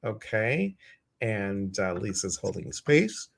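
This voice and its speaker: A man with a Chicago accent hosting a relaxed, chatty conversation with a guest. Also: lowish voice, takes it slowly, gravelly. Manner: relaxed, chatty, reads out viewer comments. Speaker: host. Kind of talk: casual live-stream chat.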